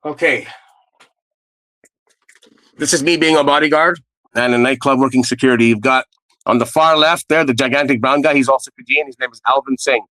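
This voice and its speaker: A middle-aged man recounts his own past in casual, meandering anecdotes, often pausing on "um" and "uh." His pitch sits in an ordinary middle range for a man. The recording is dry, with no audible room. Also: bright, forceful tone, no room sound, low-quality recording. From Canada. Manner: earnest, rambling anecdotes with fillers. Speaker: storyteller guest. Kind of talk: casual first-person storytelling.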